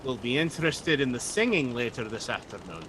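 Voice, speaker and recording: A courteous singer in a ship's crew, smooth and polite, with a bright, forceful tone, as a game master voices him. he sounds friendly and mannerly when he talks to passengers. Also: mid-range voice, expressive, brisk, slight background noise, natural voice. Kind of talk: tabletop role-play voicing.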